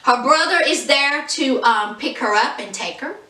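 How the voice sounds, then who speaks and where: A woman recapping a reality show in a sassy, mocking, animated way. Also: sits high, moderate pace, reverberant, distant mic. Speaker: reality TV reviewer. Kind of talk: casual recap commentary.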